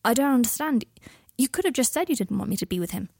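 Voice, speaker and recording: A woman voicing a guilt-ridden young man who speaks quietly, often in a half whisper, with a dry close sound. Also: fairly high pitch, lively intonation, quick pace, gravelly, slightly rough, no room sound, voice pushed up, heavily acted. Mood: subdued.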